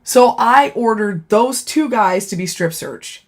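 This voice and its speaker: A former corrections officer tells a work story on a casual livestream, her voice slow and on the high side. She's animated and profane, laughing as she dramatizes, and her chatty delivery is full of fillers.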